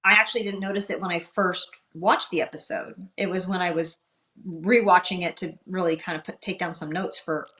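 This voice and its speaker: A woman's voice: fairly low pitch, steady tone, brisk, bright, forceful tone. A woman co-hosting a podcast after-show, chatting and thinking aloud as she recalls an episode. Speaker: podcast co-host. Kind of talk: casual after-show chat.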